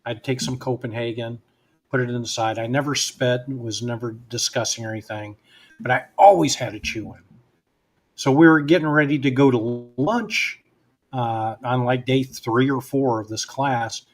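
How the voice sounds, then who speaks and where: A man's voice: mid-range voice, fairly even intonation, normal speed. A man, a guest hypnotist, telling a personal story in casual conversation and acting out both sides of the remembered dialogue.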